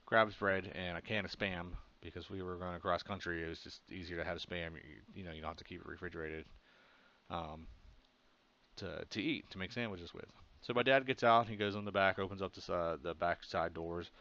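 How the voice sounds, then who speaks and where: A man's voice: low-pitched, brisk, pushed and bright. A man from Pennsylvania casually tells a childhood story in a rambling way, full of fillers. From Pennsylvania, USA. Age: adult. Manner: rambling, filler-heavy, laughs at his own story. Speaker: comic artist vlogger. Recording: slightly dull, muffled audio.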